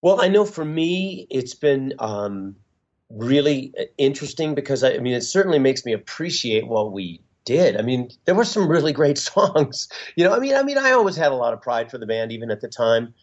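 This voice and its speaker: A man's voice: medium pitch, sing-song. Middle-aged male musician guest, thoughtful, hesitant delivery, dull lo-fi recording. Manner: halting, reflective, with frequent fillers and restarts. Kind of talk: casual interview talk. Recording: dull lo-fi sound.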